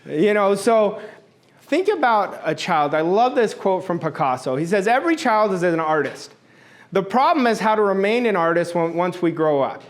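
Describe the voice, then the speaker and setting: Here a middle-aged motivational speaker addresses an audience at a moderate pace, his voice high and sing-song. He hammers his points home bluntly, saying them more than once and swearing from time to time.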